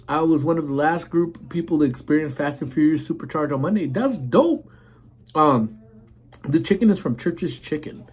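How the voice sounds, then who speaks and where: A man's voice: a little high, animated, unhurried, pauses often, darkish tone, slightly rough. A man in his forties hosting a casual live stream, rambling and greeting viewers while eating.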